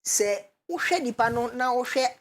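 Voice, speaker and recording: Measured Ghanaian woman explaining carefully. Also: fairly high pitch, animated. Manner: measured, explains step by step, hesitant fillers. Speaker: guest expert. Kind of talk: explanatory talk show discussion.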